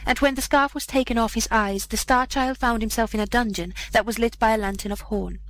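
A woman narrating an old fairy tale aloud in a measured, solemn manner. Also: a little high, fairly even intonation, fairly bright tone, rough recording. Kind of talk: storybook reading aloud.

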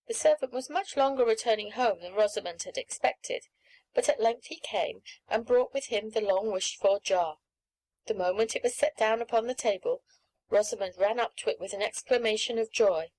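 A woman's voice: on the high side, normal speed, darkish tone, rough recording. Woman reading a storybook aloud. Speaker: narrator.

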